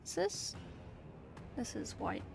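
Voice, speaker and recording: Casting: young woman from England, unhurried wry livestream banter, faint background music. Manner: chatty, wry, talks to chat while working. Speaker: streamer painting miniatures. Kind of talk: casual livestream chat.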